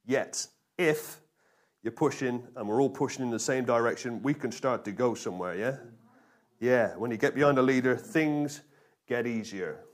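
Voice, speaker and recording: A man preaching a lively sermon, drawing responses from his congregation and repeating key phrases for emphasis. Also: medium pitch, normal speed. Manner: energetic, call-and-response with congregation, emphatic repetition. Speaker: pastor.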